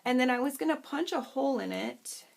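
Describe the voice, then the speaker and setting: Speaking fairly quickly, this woman has a high, creaky voice with lively intonation. She hosts a craft channel tutorial, chatty and bubbly, teasing herself while she rambles and keeps losing her train of thought.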